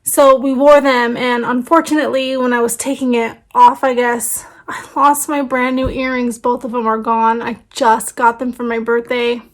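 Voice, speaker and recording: A woman's voice: a little high, little pitch movement, moderate pace, hardly any pauses. A woman in her thirties, a family vlogger, chatting casually and rambling with fillers, tired and her voice fading. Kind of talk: casual vlog chat.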